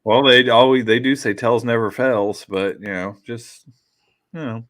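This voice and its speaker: A man's voice: mid-range voice, steady tone, measured pace, fairly bright tone. A man hosting a casual podcast chat, reading out list entries and swearing freely. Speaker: podcast host.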